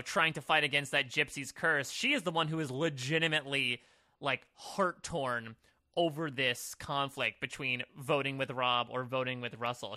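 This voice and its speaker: Male podcast guest, slightly high, very bright tone, thoughtful casual analysis. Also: no room sound, studio quality. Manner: thoughtful, talkative, many likes and you knows. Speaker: podcast co-host. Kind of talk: casual chat analyzing a reality show.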